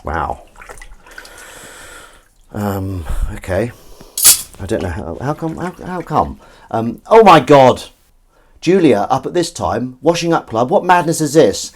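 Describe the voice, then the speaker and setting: Speaking slowly in a sing-song, mid-range voice with long pauses, a man hosts a comedy livestream while doing the dishes at his kitchen sink. His chatty banter rambles, he reads out viewer comments, and he mocks himself along the way. Slight background noise includes running water and clinking dishes.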